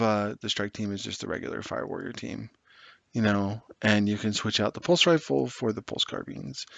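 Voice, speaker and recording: Building an army list for a tabletop wargame, a man talks casually in a creaky, medium-pitched voice with no echo. His rambling is sarcastic and exasperated, with the occasional curse.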